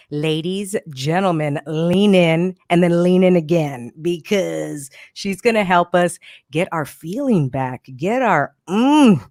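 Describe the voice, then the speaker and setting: A woman hosting a casual podcast interview, bubbly and excitable, talking fast and eagerly. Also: fairly low pitch, no echo, clean studio sound. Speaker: podcast host.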